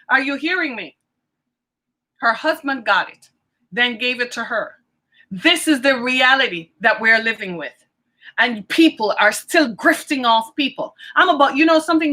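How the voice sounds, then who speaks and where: A woman's voice: high-pitched, sharp tone. A woman hosting a podcast, delivering a fiery, impassioned monologue full of pleading questions to her listeners. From United States. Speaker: podcast host. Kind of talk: preachy monologue.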